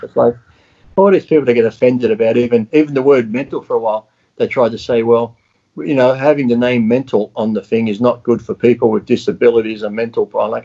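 Gravelly husky guy ranting and cussing, casual chat. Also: mid-range voice, fast. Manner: blunt and profane, animated storytelling. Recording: dull lo-fi sound.

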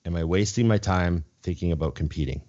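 A man's voice: sits low, fairly quick, a little mellow. A man co-hosting a casual chat, reading listener questions and teasing his partner. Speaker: podcast co-host. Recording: dull lo-fi sound.

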